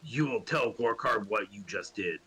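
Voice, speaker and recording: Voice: mid-range voice, lively intonation, normal speed, a bit bright, breathy edge, pitched below the performer's own voice, low-quality recording. A man playing a proud, blunt warrior who speaks in broken third-person phrases.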